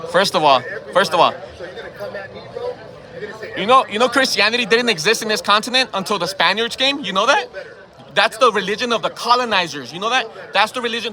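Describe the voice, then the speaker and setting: A man confronting people in a heated outdoor argument, firing repeated questions and swearing, filmed on his own phone camera. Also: sits high. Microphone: phone camera held by the speaker.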